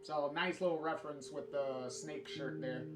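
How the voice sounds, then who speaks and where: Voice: mid-range voice, fairly even intonation, moderate pace. A game streamer giving let's play commentary, reading the game text aloud and rambling with many fillers and restarts. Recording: roomy sound with guitar music.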